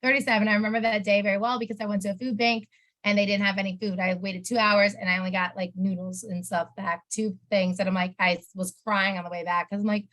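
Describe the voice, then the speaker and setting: A sales promoter being interviewed rambles through her personal story, emotional and casual, her speech full of "like." She talks fast in a mid-range, slightly bright voice with a level tone.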